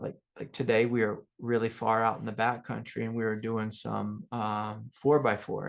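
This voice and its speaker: A middle-aged man with a gravelly edge to his mid-range voice talks as a spiritual teacher. He wanders through a personal story in loose, casual speech, full of fillers and soft laughs. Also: medium pitch. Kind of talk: relaxed satsang talk with personal stories.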